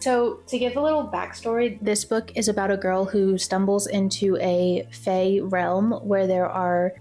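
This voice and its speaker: A young woman chats casually to camera as a book vlogger, gushing and circling back to the same points with plenty of fillers. Her voice sits in a middle pitch, with faint music playing underneath. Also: darkish tone. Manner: gushing, repeats herself, many fillers. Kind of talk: casual chat.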